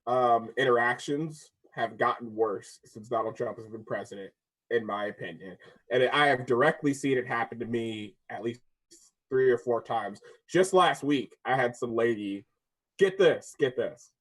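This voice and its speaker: A young man co-hosting a casual debate podcast, telling stories with lively energy and frequent laughs. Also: medium pitch, measured pace. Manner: animated storyteller, laughs often, acts out voices. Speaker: podcast co-host.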